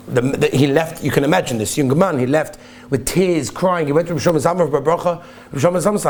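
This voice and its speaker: Earnest rabbi telling a story, higher voice. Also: male voice, a little fast, a little hiss or hum. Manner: earnest, emphatic, repeats key phrases. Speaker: rabbi giving a talk. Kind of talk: sermon with storytelling.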